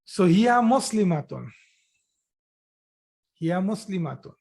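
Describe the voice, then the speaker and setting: Hoher, langsamer männlicher Lehrer. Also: male voice, high-pitched, animated, takes it slowly, creaky, a little mellow, breathy edge. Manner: drills students by repeating phrases, praising answers. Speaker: Arabic teacher. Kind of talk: online grammar class.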